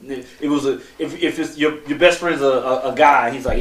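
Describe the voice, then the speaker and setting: A man's voice: mid-range voice, fast, few pauses, distant mic. Man in echoey room, set back from mic. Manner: joking banter with acted-out quotes. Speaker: podcast co-host. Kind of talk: casual chat.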